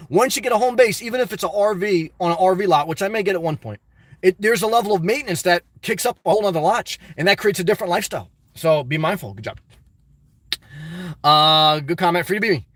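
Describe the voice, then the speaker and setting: A man live-streaming a casual vlog, reading comments aloud and answering them in an animated, repetitive, exclamatory way. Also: high-pitched, fast talker, no room sound. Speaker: YouTube vlogger answering live chat.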